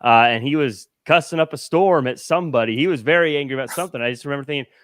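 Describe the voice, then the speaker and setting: A man's voice: medium pitch, very fast, fairly bright tone, no echo, studio quality. A man hosting a podcast in casual chat, playful and joking, laughing often. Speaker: podcast host.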